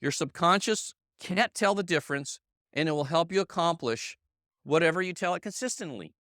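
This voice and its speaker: A man's voice: a little high, animated, moderate pace, fairly bright tone, no room sound, clean studio sound. A middle-aged man leading a motivational sales training for a room of colleagues, emphatic and repetitive, checking in with "okay?" and "right?" and calling on people by name. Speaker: sales team leader giving a training. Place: meeting room with a live audience.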